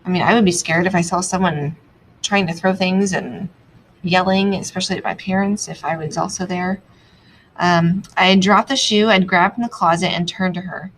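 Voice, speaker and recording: A young adult woman teaching, annotating a text aloud as she reads, thinking out loud with many pauses. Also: lowish voice, fairly even intonation, a little hiss or hum, poor audio.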